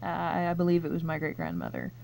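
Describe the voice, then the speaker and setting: A woman's voice: lowish voice, big pitch swings, quick pace, creaky, darkish tone. A woman reading quiz questions aloud and thinking through her answers in casual, chatty commentary, laughing often. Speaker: YouTuber taking online quizzes.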